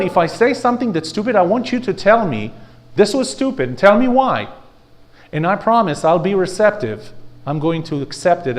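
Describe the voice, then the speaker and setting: A high-voiced man gives a leadership talk to a live audience, blunt and full of energy. He asks rhetorical questions and leads the audience in repeating his phrases.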